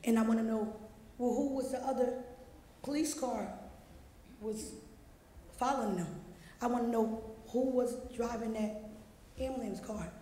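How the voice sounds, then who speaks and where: A woman's voice: a little high, measured pace, pauses often, mellow. A grieving mother speaking at a council meeting, pleading and asking question after question. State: grief-stricken. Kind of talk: public statement at a council meeting. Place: large council chamber. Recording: echoey chamber with long reverb, faint noise.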